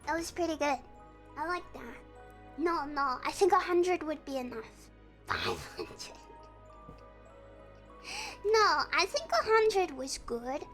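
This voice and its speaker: A woman's voice: extremely high pitch, lively intonation, moderate pace, a bit bright, soft background music. A woman streaming live, chatting casually and greeting viewers by name in a bubbly way.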